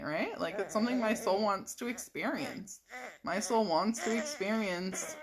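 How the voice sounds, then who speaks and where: A woman's voice: lowish voice, a bit bright. A middle-aged woman casually telling a rambling personal story in a vlog, full of fillers and little laughs. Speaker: vlogger.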